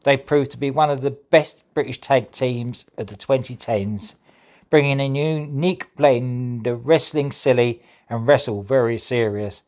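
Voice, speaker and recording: A man's voice: medium pitch, measured pace, a little mellow. A man reading a scripted introduction in a mock-serious announcer manner. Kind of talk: scripted narration.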